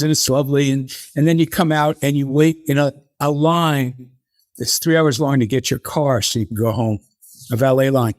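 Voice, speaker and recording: Older male guest, slightly high voice, dry close sound, spins animated anecdotes. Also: no room sound. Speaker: interview guest, TV creator. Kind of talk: conversational interview storytelling.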